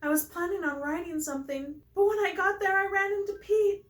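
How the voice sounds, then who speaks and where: A woman's voice: very high voice, fairly quick, soft background music, pitched above the performer's own voice. A woman voicing a shy, lovesick young female pelican with a put-on accent, nervous and dreamy. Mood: flustered.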